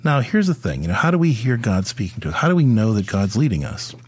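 Speaking quickly with a breathy edge and big swings in pitch, a middle-aged man with a lowish voice hosts a podcast on faith aimed at fathers. His delivery is conversational, full of fillers, restarts, and repeated words.

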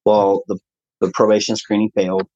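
A man as an interview guest, telling his own story earnestly in a conversational way and getting animated when he quotes others. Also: lowish voice, normal speed, no echo, highs cut off.

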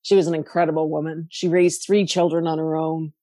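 A woman's voice: deep voice, brisk, no echo, clean studio sound. A middle-aged woman from Canada, a podcast guest, talking casually and emotionally as she tells stories. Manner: emotional, animated storytelling. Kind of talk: casual interview talk.

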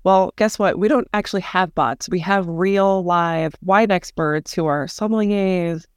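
Woman, podcast guest, business director; smooth voice, upbeat explainer, dry close recording. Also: lowish voice, measured pace, dry recording.

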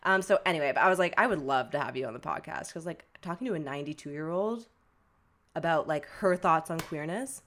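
A young woman co-hosts a podcast in her lower register. She talks in a loose, chatty way, full of "like" fillers, and mimics her relatives' lines as she tells a story. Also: a little fast, a bit bright. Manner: chatty storytelling, many "like" fillers, acts out family quotes. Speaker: podcast co-host. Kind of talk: casual podcast chat.

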